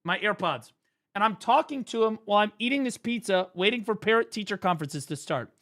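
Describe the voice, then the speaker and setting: A man, a former teacher, chatting casually on stream and telling stories, profane and animated. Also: sits high, brisk. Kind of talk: casual stream chat and storytelling.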